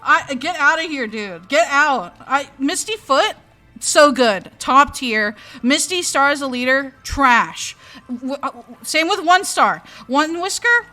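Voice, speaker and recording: Animated high-voiced young woman streamer. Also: takes it slowly. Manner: animated, exasperated, swearing. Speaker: streamer host. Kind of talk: casual stream chat. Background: faint music.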